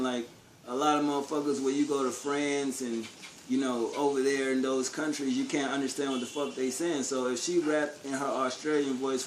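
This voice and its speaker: A man's voice: medium pitch, a little hiss or hum. A man vlogging a casual opinion rant, blunt and profane, full of street slang and rhetorical questions. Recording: echoey room with faint ambience.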